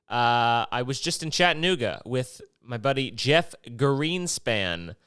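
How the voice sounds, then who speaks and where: A man's voice: mid-range voice, big pitch swings, slow, few pauses, a bit bright, clear, resonant tone, dry recording, clean studio sound. A man from Maryland hosting a casual solo podcast, rambling and profane and jumping between topics. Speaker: podcast host.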